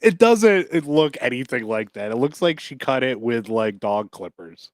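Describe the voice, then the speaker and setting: A man co-hosting a podcast in casual chat, animated, cursing and laughing often. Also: medium pitch, moderate pace, dry recording, clean studio sound. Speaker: podcast co-host.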